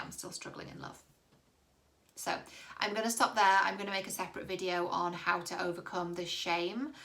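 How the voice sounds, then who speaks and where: Gravelly-voiced woman coaching on dating. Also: on the low side, fairly bright tone. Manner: candid, reassuring, swears casually. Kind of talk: direct-to-camera advice vlog.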